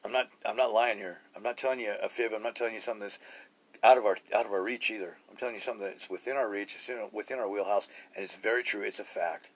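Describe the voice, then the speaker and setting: A man's voice: fairly low pitch, fast talker, husky. A middle-aged man recording a spiritual podcast on a cheap phone, talking casually with profanity, restarts and repetition. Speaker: podcast host. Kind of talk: rambling spiritual podcast monologue.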